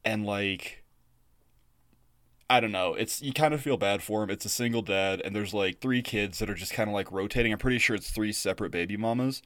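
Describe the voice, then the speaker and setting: A man's voice: fairly low pitch, brisk, fairly bright tone, no room sound, studio quality. A young adult man co-hosting a podcast, telling a story in a rambling, casual way full of fillers. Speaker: podcast co-host.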